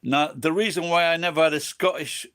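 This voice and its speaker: English guy a bit drunk, rambling and swearing nonstop at his stream chat, voice on the high side. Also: steady tone, brisk, fairly bright tone, clear, resonant tone. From England. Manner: profane, rambling, swears constantly. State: tipsy from drinking. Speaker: livestreamer chatting with viewers.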